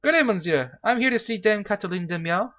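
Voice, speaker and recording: A game player voicing an earnest, dignified male falcon lawyer who talks in a measured, formal way, on a slightly dull lo-fi recording. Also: medium pitch, animated, fairly bright tone, voice pushed up, lightly acted.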